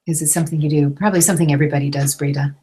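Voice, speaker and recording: A woman's voice: low voice, steady tone, rapid-fire, mellow, slight background noise, poor audio. A middle-aged woman teaching an online class, talking casually with many fillers and restarts. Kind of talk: casual teaching, reading out questions.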